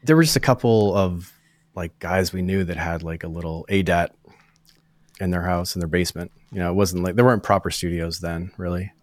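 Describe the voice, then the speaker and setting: A man, a guest musician, talking in relaxed, agreeable casual chat. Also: sits low, a little fast, dry recording.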